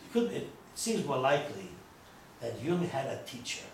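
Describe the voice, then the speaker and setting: A man's voice: medium pitch, sing-song, moderate pace, vocal fry. A man who is a rabbi, giving a chatty, digressive lecture full of stories and joking asides to a small audience. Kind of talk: informal lecture with storytelling. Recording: echoey room from far off, faint noise.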